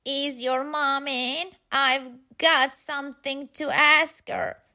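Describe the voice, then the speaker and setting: A cheerful old neighbour lady who teases and jokes, her voice bright and high, put on by a woman reading aloud. She takes her time over every word, warm with fun. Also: level tone, takes it slowly, exaggerated voice. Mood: jolly. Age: older. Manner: jolly and teasing.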